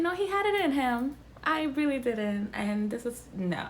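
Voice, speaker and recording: A young woman hosting a reaction video, chatting casually, blunt and expressive, swearing freely. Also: sits high, normal speed, hardly any pauses, a little hiss or hum.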